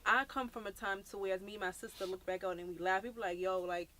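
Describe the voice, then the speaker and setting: A woman's voice: medium pitch, steady tone, quick pace, fairly bright tone, slight background noise. A woman, hosting a podcast and telling stories bluntly in slangy, casual talk. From Brooklyn, New York. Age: 30s. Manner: blunt, slangy, storytelling with many "like" fillers.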